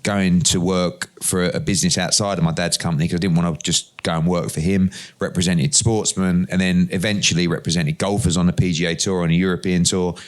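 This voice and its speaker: A middle-aged man, an interview guest, telling lively anecdotes and acting out the dialogue in them. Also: low voice, a little fast, hardly any pauses. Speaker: interview guest, boxing promoter. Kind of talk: conversational storytelling.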